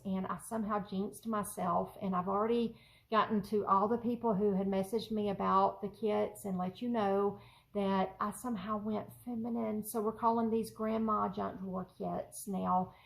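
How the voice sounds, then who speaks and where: A woman's voice: medium pitch, vocal fry, low-quality recording. Giggly rambling woman vlogger. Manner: rambling and giggly, many fillers. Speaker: journaling vlogger. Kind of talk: casual chatty vlog. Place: home craft room.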